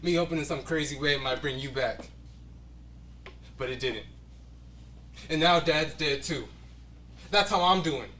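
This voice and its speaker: A man's voice: a little high, measured pace, pauses often, pushed and bright, far from the mic, a little hiss or hum. A man acting a stage monologue as a grieving young man still waiting for a lost love, speaking with bitterness and longing. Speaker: acting student. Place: acting studio room.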